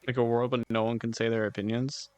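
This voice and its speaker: A man's voice: medium pitch, flat delivery, quick pace, a little mellow, dry recording, soft background music. A man streaming and chatting casually with his viewers, rambling in a laid-back way, swearing now and then and giggling often. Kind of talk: casual chat with live chat.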